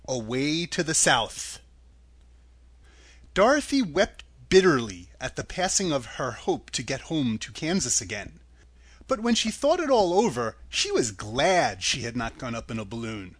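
Lively male audiobook narrator. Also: mid-range voice, no room sound. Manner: expressive, animated reading. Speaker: audiobook reader.

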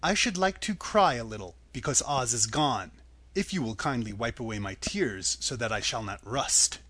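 A man voicing a gentle, tender-hearted male tin man in a soft, low voice. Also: lively intonation, moderate pace, dry recording. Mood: sorrowful.

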